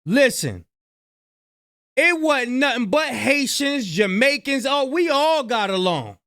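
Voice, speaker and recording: A man from New Jersey hosting a reaction channel, giving animated, slangy commentary on clips and repeating his points. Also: extremely high pitch, slow.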